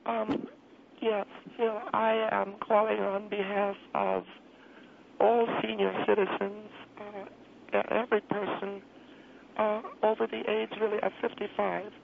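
Guy doing a fussy old lady calling in, gravelly creaky voice, tinny phone line w/ a little hiss. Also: high-pitched, level tone, measured pace, pitched above the performer's own voice. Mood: pleading. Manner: pleading, exasperated, repeats herself. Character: elderly woman caller, fussy and indignant. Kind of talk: radio prank call.

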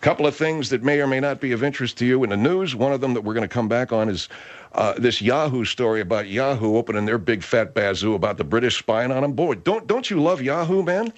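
A man hosting a talk radio show, riffing with animated comic exaggeration. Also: medium pitch, fast, dull audio. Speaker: radio host.

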